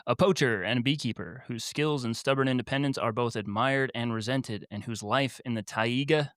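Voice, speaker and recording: A man's voice: mid-range voice, normal speed, fairly bright tone, no room sound, studio quality. A man co-hosting a casual book podcast, reading out summaries and laughing often. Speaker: podcast co-host. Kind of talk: casual book-club chat.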